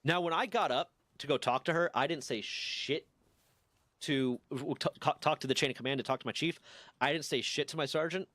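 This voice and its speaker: A man's voice: on the high side, a little fast, a bit bright, no echo. A man in his twenties casually telling a rambling, profane story on a stream. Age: 20s.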